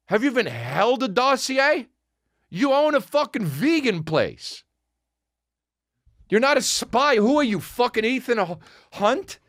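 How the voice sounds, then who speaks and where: A man's voice: high voice, a bit bright, dry recording, clean studio sound. A male comedian and podcast host delivering a sarcastic, profane rant, slipping into mocking voices. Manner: sarcastic, swearing, mocking impressions.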